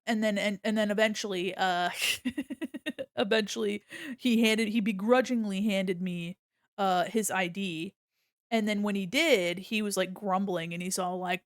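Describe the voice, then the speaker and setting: A woman's voice: medium pitch, normal speed, no room sound, studio quality. A woman streamer chatting casually with her viewers, telling stories with lots of swearing and acted-out quotes. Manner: profane, animated storyteller acting out quotes.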